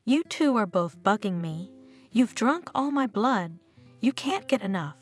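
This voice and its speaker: A woman's voice: fairly high pitch, animated, unhurried, faint music behind. A woman reading the part of a resentful, short-tempered married man. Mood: bitter. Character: irritable married man, grown son.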